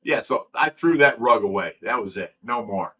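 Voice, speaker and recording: Lively middle-aged man, bright tone. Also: mid-range voice, moderate pace, husky. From Ohio, USA. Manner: laughing, animated storytelling. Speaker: livestream host. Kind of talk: casual livestream chat.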